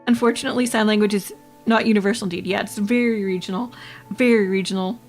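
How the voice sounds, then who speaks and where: A woman's voice: medium pitch, fairly even intonation, fast talker, soft background music. A woman from Canada, chatting casually with her livestream chat, rambling and laughing often. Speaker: VTuber streamer.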